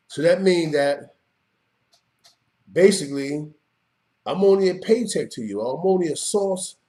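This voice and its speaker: A middle-aged man holds forth in an unscripted monologue, streetwise and emphatic. His voice sits a little higher than most men's. He keeps checking in with the listener as he talks. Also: warm tone. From New York. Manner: streetwise, emphatic, repeats "you know what I mean". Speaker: show host.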